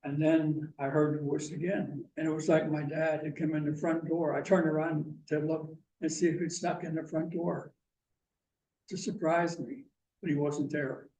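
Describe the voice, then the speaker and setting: A man from Pennsylvania giving a talk, telling a personal story slowly and deliberately. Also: a little high, little pitch movement, mellow. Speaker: guest speaker. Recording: echoey room, mic far off, faint hiss.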